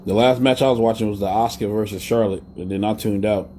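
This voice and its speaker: A man's voice: lowish voice, steady tone, fast talker, dark tone, slight background noise. A man hosting a live wrestling talk show in a blunt, profane, rambling way. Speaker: podcast host. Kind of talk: casual live-stream rant.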